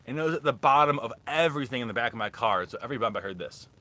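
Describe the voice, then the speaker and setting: A young man chats loosely through his thrift finds, often stopping and restarting mid-sentence. His voice has a bright, forward edge at a middle pitch. It sounds like an easygoing live-stream talk. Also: lively intonation, very fast, a little hiss or hum. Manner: rambling, chatty, restarts often. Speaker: thrift reseller vlogger. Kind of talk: casual live-stream haul chat.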